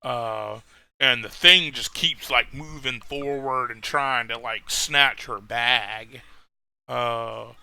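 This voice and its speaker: A man's voice: mid-range voice, slow pace, creaky, sharp tone, clear, resonant tone, no room sound. A man narrating as game master of a tabletop game, rambling, with many fillers and restarts.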